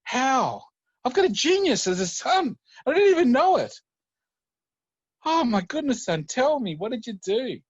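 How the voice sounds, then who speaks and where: A man voicing a tired, kindly working father in a told story, talking in a weary, gentle way. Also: mid-range voice, a little slow, long pauses, no room sound, highs cut off, natural voice. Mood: amazed.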